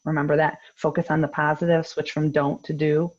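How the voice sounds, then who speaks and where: A woman in her thirties presenting a parenting workshop on a video call, explaining in a calm, firm way. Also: sits low, brisk. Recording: dull lo-fi video call audio.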